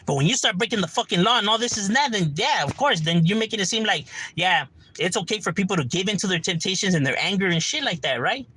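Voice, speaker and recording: A man's voice: sits high, expressive, quick pace, pushed and bright, husky, low-quality recording. A man telling street stories in casual, slangy, profane chat on a livestream.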